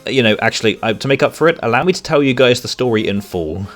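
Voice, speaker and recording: A man's voice: mid-range voice, animated, fast, faint music behind. A man delivering a scripted, sarcastic and exasperated review of a comic.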